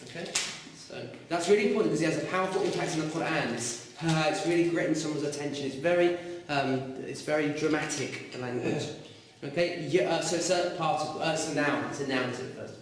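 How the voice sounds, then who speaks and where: A man teaching a class, lively and quizzing his students. His voice sits fairly high for a man. It is recorded from a distance in a very echoey room. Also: brisk, hardly any pauses, a little hiss or hum. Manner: lively, asks students questions. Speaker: Arabic teacher. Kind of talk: classroom lecture. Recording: echoey room, mic far off.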